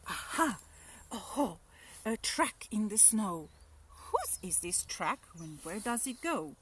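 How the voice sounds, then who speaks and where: A woman voicing a young female gruffalo child from a storybook, speaking high and full of wonder. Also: very animated, slow, a little hiss or hum. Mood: curious.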